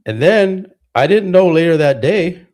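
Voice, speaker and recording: A man's voice: on the high side, expressive, unhurried, darkish tone. A man hosting a livestream, ranting heatedly with lots of swearing and repeated words. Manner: heated, profane, repeats himself. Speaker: livestream host. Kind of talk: casual ranting commentary.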